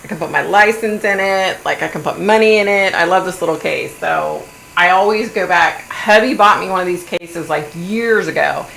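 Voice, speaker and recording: Blunt, gravelly woman chatting. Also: lowish voice, moderate pace. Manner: animated, blunt, swears. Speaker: livestream host. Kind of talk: casual gossipy chat. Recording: echoey room, faint hum.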